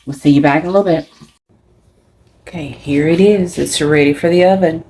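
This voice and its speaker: A woman's voice: deep voice, brisk, dark tone, slight background noise, rough recording. An older woman with a Kentucky accent hosting a casual home cooking vlog, chatting and explaining each step as she goes. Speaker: cooking channel host.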